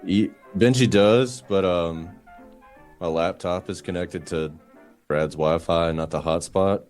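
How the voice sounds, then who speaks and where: A man's voice: low voice, slow, darkish tone, faint music behind. A man playing a tabletop game, making wry jokes about tech trouble. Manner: joking, wry asides. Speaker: player.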